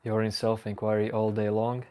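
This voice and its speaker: A man's voice: on the low side, monotone, normal speed, dark tone. A man hosting a late-night livestream, casually teasing and joking with his chat viewers. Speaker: livestream host.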